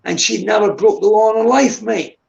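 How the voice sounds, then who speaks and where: A man's voice: high voice, brisk, lo-fi sound, a crowd in the background. A man in his fifties talking bluntly in a casual chat, swearing often and saying "mate" at every turn. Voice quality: gravelly. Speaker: guest on a live stream. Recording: echoey room.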